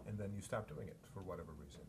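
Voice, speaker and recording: A man in a class asking a question, hesitant, with pauses and fillers. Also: sits low, animated, vocal fry, a little hiss or hum.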